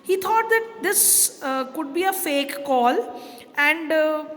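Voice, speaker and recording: A woman's voice: sits high, lively intonation, takes it slowly, a bit bright. A woman English teacher who reads passages from a chapter and then paraphrases them in simple words, with frequent fillers. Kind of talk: explaining a textbook chapter. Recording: long hall reverb.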